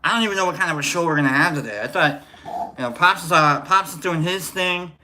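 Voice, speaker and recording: A man's voice: fairly high pitch, quick pace, sharp tone. A man hosting a casual livestream, rambling and joking while greeting viewers by name. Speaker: livestream host.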